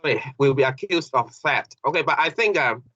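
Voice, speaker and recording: A man teaching an English grammar lesson, halting and repeating phrases with many fillers. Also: mid-range voice, animated, bright, forceful tone, breathy edge, no echo. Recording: dull lo-fi classroom recording.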